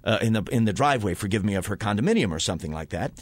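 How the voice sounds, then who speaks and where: A man's voice: fairly low pitch, animated, rapid-fire, husky, no room sound. A man co-hosting a radio talk show, telling stories in a rambling way with lots of fillers and self-corrections. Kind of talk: casual on-air chat, storytelling.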